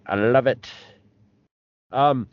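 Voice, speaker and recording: Man, podcast co-host, rambling casual talk, smooth resonant low voice, dry muffled recording. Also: dry recording. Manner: rambling, halting restarts. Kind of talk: casual chat.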